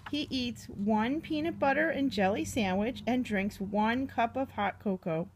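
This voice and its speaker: A woman reading a picture book aloud to a young child, gently asking the child questions as she goes. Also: a little high, measured pace, slight background noise.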